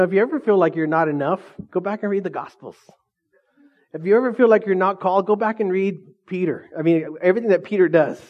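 The audio is dull as a man with a slightly high voice delivers a sermon. He's a pastor who keeps posing questions to the congregation and drawing out their responses in call-and-response fashion.

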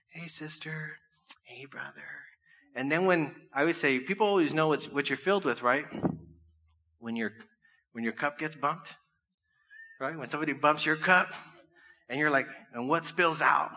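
A man's voice: on the high side, a little fast, long pauses, bright, forceful tone. A man preaching a casual, joking sermon, often asking the listeners questions. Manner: conversational, jokey, asks the crowd questions. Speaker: pastor.

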